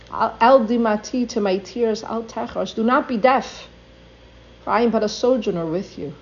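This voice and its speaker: A woman's voice: mid-range voice, darkish tone. An older woman giving an earnest religious talk, reading passages aloud and then translating them. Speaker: Torah teacher. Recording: dull lo-fi recording.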